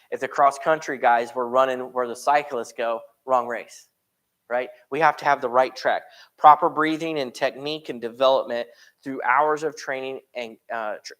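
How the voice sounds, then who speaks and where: A man's voice: medium pitch, fairly bright tone. A man with an American accent teaching a church Bible study in a conversational way. He often checks in with the room and briefly acts out voices he quotes. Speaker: preacher.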